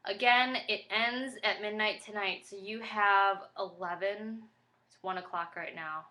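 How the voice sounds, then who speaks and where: Tired, flustered woman vlogger, bright voice, rambling casual talk straight to a camera mic. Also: medium pitch, steady tone, measured pace. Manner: rambling and chatty, with many fillers. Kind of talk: casual pregnancy update vlog.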